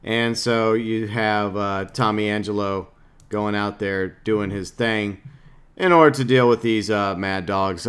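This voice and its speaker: His voice runs on the low side, smooth but with a sharp tone. As a gaming YouTuber, he rambles through a relaxed game trailer breakdown, full of jokes and filler words.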